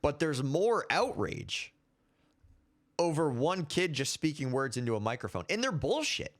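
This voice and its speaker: A man's voice: on the high side, lively intonation, a little slow. A man in his twenties hosting his own commentary show, ranting heatedly and repeating himself. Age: 20s. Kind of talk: casual opinion commentary.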